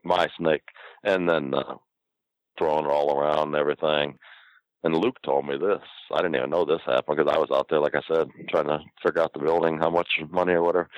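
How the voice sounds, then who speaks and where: Very deep-voiced man telling a story. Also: dry recording, highs cut off. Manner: rambling, profane, full of fillers. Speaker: wrestling promoter, interview guest. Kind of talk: casual anecdotal storytelling.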